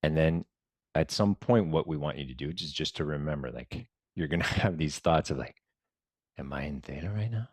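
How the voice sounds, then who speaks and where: A man leading a meditation lesson in a relaxed, chatty way, often dropping to soft murmurs and mumbling. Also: rumbling low, brisk, no echo, clean studio sound. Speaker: meditation guide. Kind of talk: casual guided-meditation talk.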